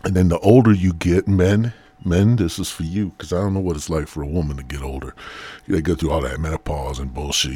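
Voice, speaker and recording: A man's voice: low voice, breathy edge. A man hosting a solo podcast, rambling through profane rants with whispered asides. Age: adult. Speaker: podcast host.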